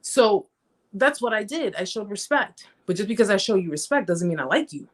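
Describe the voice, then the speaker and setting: A woman's voice: lively intonation, moderate pace. A woman hosting a live-stream chat, talking conversationally and emphatically, repeating herself and acting out the stories she tells. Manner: reenacts stories with raised pitch. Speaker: host.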